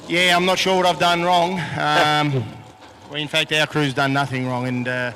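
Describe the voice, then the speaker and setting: A man with an Australian accent, a boat racing driver, speaks frankly and plainly in an outdoor post-race interview on a handheld microphone. His voice is fairly high and level at a normal speed, with a noisy background.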